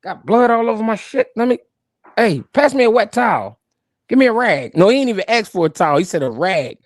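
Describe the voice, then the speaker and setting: A man's voice: sits high, sing-song, a little fast, no echo, clean studio sound. A man hosting a live boxing stream, joking and laughing through profane banter.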